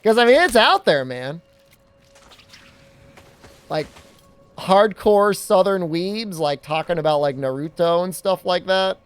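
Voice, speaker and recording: A man's voice: a little high, sing-song, measured pace, pauses often, clear, resonant tone. A man from New England chatting casually as a game streamer, rambling with lots of filler words and frequent chuckles. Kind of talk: casual chat while gaming.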